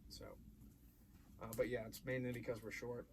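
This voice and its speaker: A man talking as a podcast guest in a casual chat, halting, with many ums and restarts. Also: mid-range voice, little pitch movement. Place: basement podcast studio. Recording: noisy home recording.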